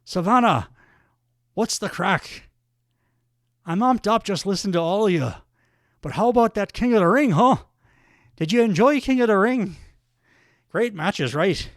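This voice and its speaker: A man doing a loud brash Irish brawler. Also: sits high, animated, unhurried, pauses often, dry recording, studio quality, pitched above the performer's own voice. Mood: boastful. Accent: Irish, put on. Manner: shouting, swaggering trash talk. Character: brash loud Irish male wrestler, boastful and combative.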